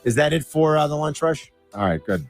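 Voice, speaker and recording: Playful, animated male sports radio host. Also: on the high side, fairly quick, soft background music. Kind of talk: casual sports radio banter.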